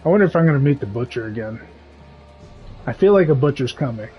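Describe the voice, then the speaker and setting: A man chatting casually on a live game stream, rambling and telling stories with lively energy. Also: mid-range voice, quick pace, muffled recording, faint music behind. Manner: rambling, animated storytelling. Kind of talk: casual live-stream chat while gaming.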